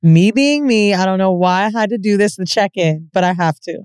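A woman co-hosting a podcast, telling a story in a casual, profane and animated way and laughing often. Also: medium pitch, normal speed, smooth, dry recording, clean studio sound. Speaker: podcast co-host.

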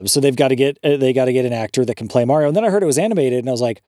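A man's voice: mid-range voice, rapid-fire, few pauses, mellow, no echo, clean studio sound. A man co-hosting a podcast in casual chat, ranting with disbelief and swearing freely. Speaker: podcast co-host.

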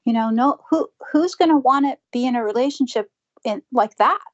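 A woman's voice: high voice, brisk. Earnest woman dentist, slightly muffled. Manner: earnest, reflective, acts out quoted patients. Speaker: dentist guest. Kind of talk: conversational interview.

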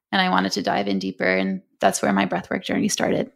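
A woman's voice: mid-range voice, flat delivery, quick pace, gravelly, hardly any pauses, fairly bright tone. A young adult woman, a breathwork coach, telling a personal story earnestly in an interview.

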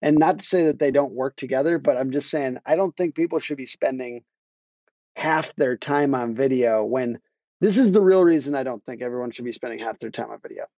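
A marketing agency owner, guesting on a podcast about marketing, talks casually in a mellow mid-range voice at a slightly quick pace. He rambles, interrupts himself, restarts sentences and laughs as he tells a story. The audio is dry with no room sound, and the highs are cut off.

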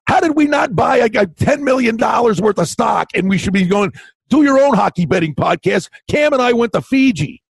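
Older guy telling stories on a podcast, high husky voice, dry sound. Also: brisk, hardly any pauses, no room sound. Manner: animated storyteller, acts out quotes loudly. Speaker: podcast co-host. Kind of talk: casual chat. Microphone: remote call mic.

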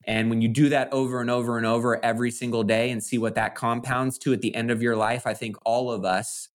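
A man's voice: medium pitch, little pitch movement, a little fast. A man co-hosting a podcast, talking in an earnest, motivational way in casual chat. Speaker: podcast co-host.

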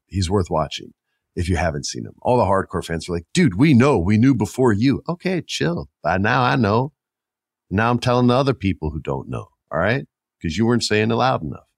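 A man's voice: sits low, dry recording, studio quality. A man hosting a podcast in casual chat, rambling and talking straight to his listeners. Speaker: podcast host.

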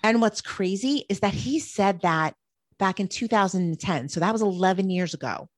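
A woman's voice: mid-range voice, lively intonation, normal speed, no room sound. A woman co-hosting a marketing podcast, reading prepared points in an upbeat way. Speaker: podcast co-host. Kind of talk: scripted podcast chat.

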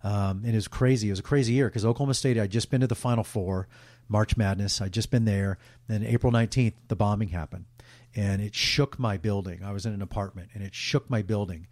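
A middle-aged sportscaster telling emotional, candid stories in a casual interview, rambling with restarts. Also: male voice, fairly low pitch, fairly even intonation, fairly quick, a little mellow, dry recording. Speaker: guest, sportscaster.

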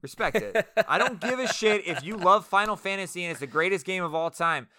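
A man hosting a casual podcast, energetic, crude and rambling. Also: sits high, fairly quick, dry recording. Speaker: podcast host.

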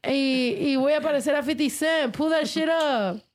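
A young woman co-hosting a casual chat, animated and profane, sometimes switching into Spanish mid-sentence. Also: high-pitched, normal speed.

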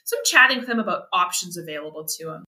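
A woman in her thirties from Canada, a sports medicine doctor telling stories as a podcast guest, animated and quick to laugh. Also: fairly low pitch. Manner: animated, laughs often, acts out quotes. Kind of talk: casual podcast storytelling. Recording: roomy echo.

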